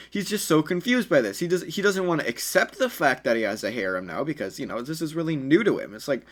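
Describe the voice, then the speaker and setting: A man's voice: on the high side, sing-song, fast talker, few pauses, a bit bright. A man telling an improvised fan story in a casual, rambling way, with many fillers and self-corrections.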